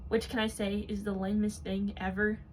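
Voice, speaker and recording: A woman's voice: mid-range voice, flat delivery, moderate pace, slight background noise. A woman hosting a commentary video, ranting in a mocking, exasperated way. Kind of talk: sarcastic commentary.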